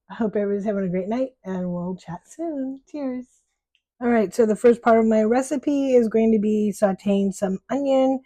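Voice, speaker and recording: Warm-voiced American woman chatting while cooking. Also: medium pitch, no echo. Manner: chatty, friendly and a bit self-deprecating. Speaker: home cook. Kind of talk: casual cooking vlog. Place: home kitchen.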